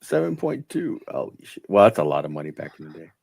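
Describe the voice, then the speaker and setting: A man's voice: a bass voice, very animated, fairly quick, gravelly, darkish tone, slightly rough, no room sound, clean studio sound. A man in casual stream chat, blunt and joking, swearing freely.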